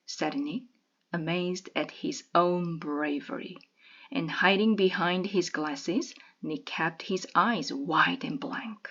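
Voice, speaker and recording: A woman reading a children's novel aloud in a measured, expressive way. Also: on the low side, highs cut off.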